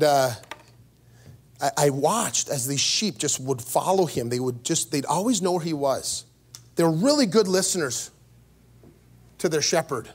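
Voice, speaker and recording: Male pastor, high voice, storytelling sermon, voice leaps up when excited. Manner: storytelling with sudden pitch jumps and laughs. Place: church.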